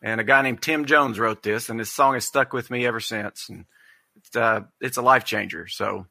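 A man's voice: mid-range voice, normal speed, vocal fry, pushed and bright, no echo. A man chatting casually on a video call, laid-back in tone, who also sings a goofy comic song. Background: guitar music.

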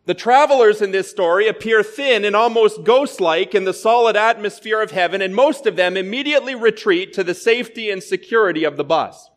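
A man preaching a sermon as a pastor, with measured storytelling delivery. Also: high-pitched, lively intonation.

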